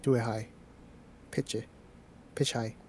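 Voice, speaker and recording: A laid-back co-streamer chatting casually, quick to laugh and swearing now and then. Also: mid-range voice, fairly even intonation, a little mellow, a little hiss or hum. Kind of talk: casual chat on a livestream.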